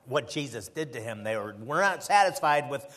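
A male preacher delivering a sermon, full of rhetorical questions and swinging between loud emphasis and quiet passages. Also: mid-range voice, lively intonation, normal speed.

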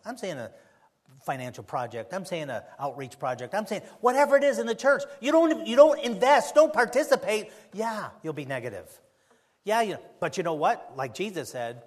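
Male pastor, sermon, high-pitched voice, exhorting, repetitive rhetorical questions.

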